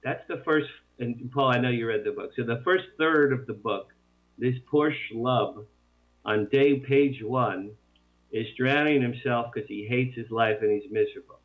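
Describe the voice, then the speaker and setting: A man being interviewed about his novel, telling it in a rambling, animated way with many restarts. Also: medium pitch, unhurried. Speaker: author guest. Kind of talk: casual radio interview. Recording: tinny phone line.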